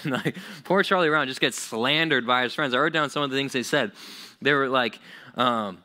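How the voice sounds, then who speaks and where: A man's voice: medium pitch, normal speed, bright, forceful tone. A young man preaching a casual youth sermon, loose and chatty, full of "like"s and acted-out quotes. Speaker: youth pastor.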